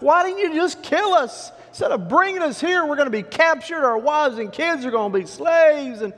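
A man's voice: very high-pitched, lively intonation, moderate pace, pitched above the performer's own voice. A man voicing a panicked crowd of ancient Israelites, whining and wailing in a melodramatic way. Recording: long hall reverb.

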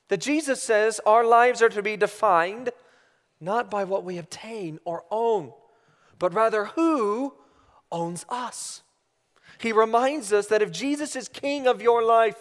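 A man's voice: high voice, unhurried. A man in his thirties preaching a sermon, earnest and imploring, dropping almost to a whisper on key words. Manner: earnest, imploring, drops to near-whispers for emphasis. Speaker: pastor. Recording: reverberant hall.

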